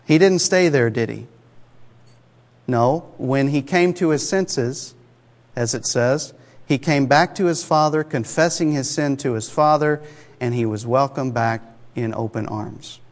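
A male preacher delivers his sermon in a conversational yet emphatic way. He often asks the congregation rhetorical questions. His mid-pitched voice carries with the long reverb of a church sanctuary. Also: measured pace. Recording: long reverb of a large hall.

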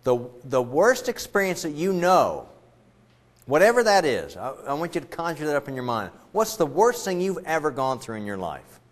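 A man's voice: a little high, very animated, moderate pace. A man preaching a sermon as a pastor, conversational and joking as he retells the story.

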